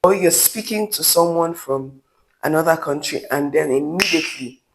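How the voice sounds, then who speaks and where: A Nigerian man talks straight to camera in an opinion vlog. His voice sits a little high for a man. He is blunt and emphatic and keeps wandering into side remarks. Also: moderate pace, background noise. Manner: candid, emphatic, with rambling asides. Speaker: vlogger.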